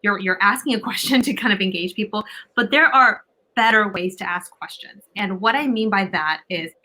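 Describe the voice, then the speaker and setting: A woman speaking as an expert guest with a bright, forceful tone. She explains her points confidently and emphatically, often tagging sentences with a quick "right?". Her delivery is instructive and direct. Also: medium pitch, low-quality recording. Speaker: communication coach guest. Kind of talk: advice-giving interview talk.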